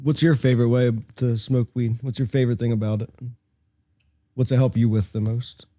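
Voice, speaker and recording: A man hosting a casual chat, asking relaxed, joking questions. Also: medium pitch, fairly quick. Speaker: host. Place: cannabis company campus studio.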